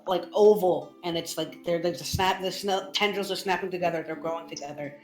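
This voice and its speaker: A woman's voice: fairly low pitch, fairly quick. A woman narrating a tabletop game as game master, rambling with many restarts. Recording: roomy with faint music.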